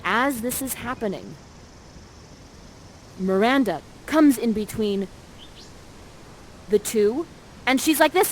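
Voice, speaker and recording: A bubbly, playful woman narrates an interactive live show and directs the audience as she goes. Her voice sits slightly high. Faint noise hums behind her, picked up by a headset mic. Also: animated, slow, long pauses.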